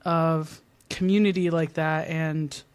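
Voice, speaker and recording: A woman's voice: sits low, steady tone, slow, smooth. A woman guest on a podcast, talking casually and often checking in with "right?" and a laugh. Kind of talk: casual conversation.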